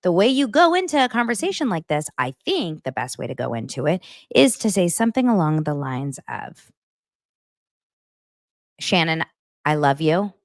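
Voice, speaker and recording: A woman's voice: fairly low pitch, brisk, hardly any pauses, no room sound, clean studio sound. A woman hosting a podcast, recapping a reality show in casual commentary and acting out the cast's lines in mocking voices. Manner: animated, acts out quotes in mocking voices. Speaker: podcast host.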